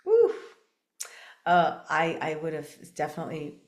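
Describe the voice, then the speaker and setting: A woman's voice: deep voice, wildly swooping pitch, measured pace, a little mellow, roomy sound. An older woman hosting a podcast, talking casually in a rambling way with many fillers. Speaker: podcast host. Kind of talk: casual interview chat.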